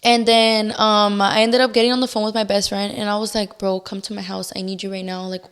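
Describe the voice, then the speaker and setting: A woman's voice: mid-range voice, fairly quick, clear, resonant tone. A young woman guest in a casual interview, candidly retelling events with lots of "like" and re-enacted outbursts. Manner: candid, animated storytelling with many "like"s and re-enacted outbursts. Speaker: podcast guest.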